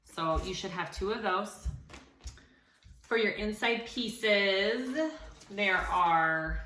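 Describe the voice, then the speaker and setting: Woman host, chatty and encouraging, bright tone, recorded in an echoey room. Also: mid-range voice, slight background noise. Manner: chatty, encouraging, frequent fillers. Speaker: sewing tutorial host. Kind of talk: casual tutorial talk.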